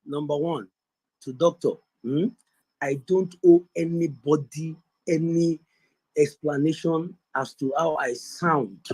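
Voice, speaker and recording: A man from Nigeria arguing politics in a forceful, defiant and emphatic way. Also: fairly high pitch, steady tone, takes it slowly, breathy edge, low-quality recording. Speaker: debate participant. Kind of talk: impassioned political argument.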